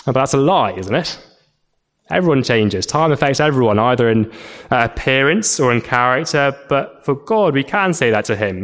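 Earnest preacher man, halting speech. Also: mid-range voice, animated, fairly bright tone. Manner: earnest, repeats and stumbles over words, rhetorical tag questions. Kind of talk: sermon.

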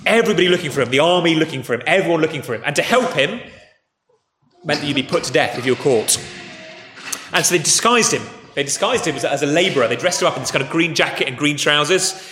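A man's voice: a little high, animated, quick pace, sharp tone, faint music behind. Preacher man in an echoing hall. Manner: conversational storytelling, addresses children. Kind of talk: sermon. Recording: echoey hall with faint ambience.

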